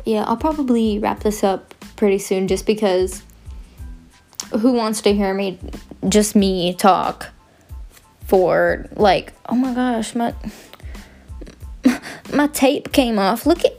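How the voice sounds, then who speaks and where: Speaking at a medium pitch with a darkish tone, this young podcast host chats in a loose, rambling way. She's goofy and pokes fun at herself throughout.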